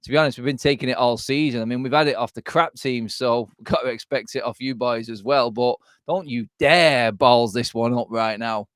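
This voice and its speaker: A man's voice: medium pitch, brisk, hardly any pauses, clear, resonant tone, no room sound, clean studio sound. A young English man co-hosting a casual football watchalong, blunt and sweary, laughing often. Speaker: co-host, rival fan.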